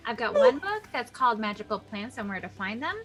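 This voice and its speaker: A woman's voice: fairly high pitch, sing-song, a little fast. A woman playing her character in a tabletop game, playful and insistent. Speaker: player.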